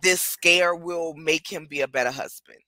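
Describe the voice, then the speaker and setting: A woman's voice: low-pitched, normal speed, pushed and bright, dry recording. A woman hosting a casual chat reviewing reality TV, talking bluntly and candidly at length.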